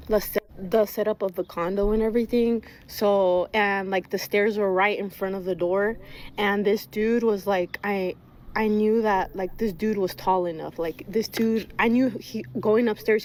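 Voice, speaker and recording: Blunt, foul-mouthed woman telling a story. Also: medium pitch. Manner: profane, blunt and animated; acts out quoted voices mid-story. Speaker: guest telling a personal story. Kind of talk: candid casual storytelling.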